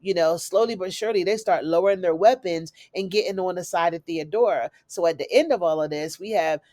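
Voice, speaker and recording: A woman giving a chatty, animated recap of a TV episode, calling her listeners "honey" and "y'all". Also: lowish voice, fairly quick, no echo. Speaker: recap host. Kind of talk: casual TV recap.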